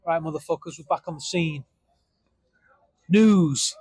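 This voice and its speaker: A man's voice: a little high, normal speed, over loud music. A man co-hosting a podcast, sweary and joking in casual banter. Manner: sweary, joking, laughs a lot. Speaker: podcast co-host.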